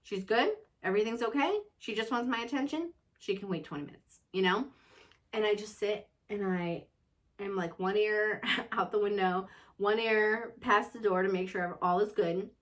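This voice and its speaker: A woman's voice: mid-range voice, moderate pace. A woman hosting a casual chat about motherhood, talking in an earnest, self-reflective way and often checking in with "you know.". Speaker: mother and show host.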